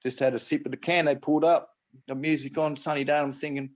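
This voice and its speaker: A guest with an Australian accent rambles casually about private trusts over a call, restarting often and peppering his speech with "mate" and "right?" He has a fairly high voice with little pitch movement and speaks fast, on dull-sounding audio.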